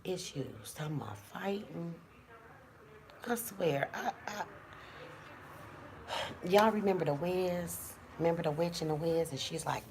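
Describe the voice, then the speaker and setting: A woman's voice: fairly low pitch, animated, measured pace, pauses often, crowd noise. A woman in her fifties chatting casually at home, blunt and profane as she rambles. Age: 50s. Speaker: vlogger. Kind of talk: casual chat. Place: at home indoors.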